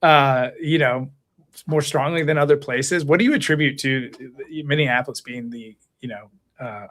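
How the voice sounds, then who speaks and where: A man's voice: mid-range voice, moderate pace, fairly bright tone. A man co-hosting a live political talk show, joking and blunt in a casual way. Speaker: co-host.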